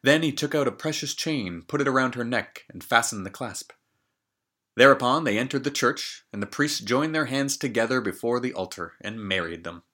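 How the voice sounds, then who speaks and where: A man's voice: medium pitch, animated, moderate pace, pushed and bright. A man reading a fairy tale aloud, stopping often for joking comments on the story. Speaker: storybook reader.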